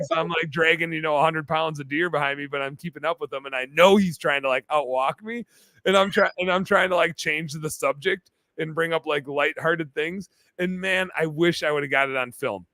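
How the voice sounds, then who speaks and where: A man telling a long story as a podcast guest, animated and full of fillers in casual chat. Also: on the high side, moderate pace, no echo. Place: bar-themed podcast set.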